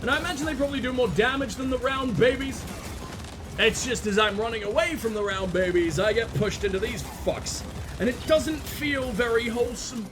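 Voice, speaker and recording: Young male let's-play host, high voice, crude jokes, bursts of shouting, soft game music under him. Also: fairly quick. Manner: crude, joking banter with frequent laughs and sudden shouts. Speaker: gaming video host.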